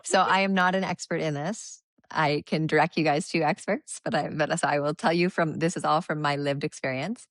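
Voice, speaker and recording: A woman's voice: low voice, fairly even intonation, fairly quick, few pauses, no room sound. A woman guest on a podcast, sharing her spiritual experiences in an earnest, reflective way. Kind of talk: casual chat.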